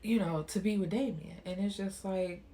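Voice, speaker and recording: A woman's voice: mid-range voice, moderate pace, mellow. A young woman casually recapping and reviewing a TV episode in a slangy, chatty way, acting out the characters' lines as she goes.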